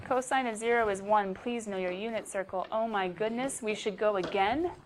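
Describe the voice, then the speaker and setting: A woman's voice: mid-range voice, normal speed. A woman teaching a math class, chatty and playful, often talking to herself as she works through problems. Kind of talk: classroom lecture. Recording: faint background noise.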